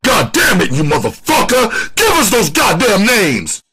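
A man doing a hulking, menacing detective, husky and slow. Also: huge pitch swings, bright, forceful tone, full character voice. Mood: raging. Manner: low threatening tone bursting into rage. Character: menacing hulking male police detective, volatile temper.

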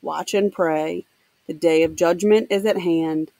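A woman's voice: on the low side, fairly even intonation, unhurried, gravelly, mellow, dry recording. A woman reading aloud as a drunken old man giving solemn warnings of doom.

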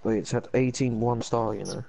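A young man, ranting in animated slang during a casual chat while gaming. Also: mid-range voice, brisk, vocal fry, a little hiss or hum.

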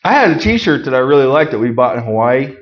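A middle-aged man preaching a conversational sermon, folksy with joking asides, swinging from loud emphasis to quiet remarks. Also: mid-range voice, big pitch swings, fast talker, muffled recording. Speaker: pastor.

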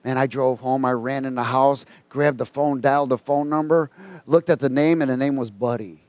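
A man preaching a sermon, telling a personal story in a folksy, colloquial way and reading scripture slowly and emphatically. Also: medium pitch, fairly even intonation, darkish tone, no room sound.

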